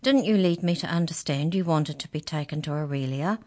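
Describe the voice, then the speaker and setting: A woman's voice: low-pitched, fairly quick, mellow, close to an everyday voice. A woman voicing a sly, smug talking mouse in a storybook reading, feigning innocence. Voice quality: innocent-sounding, teasing.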